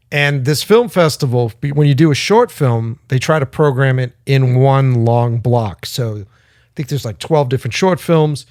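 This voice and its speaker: A man's voice: mid-range voice, a little mellow, no room sound, studio quality. Rambling man in casual podcast chat. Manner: rambling storyteller, swears casually. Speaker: podcast co-host.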